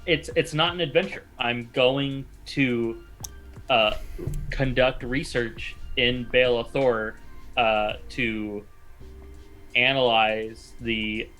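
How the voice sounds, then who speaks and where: A man's voice: mid-range voice, fairly even intonation, slow, a bit bright, faint music behind. A man talking as a guest on a podcast about his tabletop game character, easygoing and going along with the jokes.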